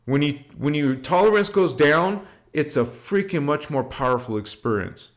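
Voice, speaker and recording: A man hosting a spiritual livestream, talking loosely and slangily, swearing now and then, and leading slow chanted affirmations. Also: a little high, expressive. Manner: loose and slangy, swears, drifts between chat and slow incantation.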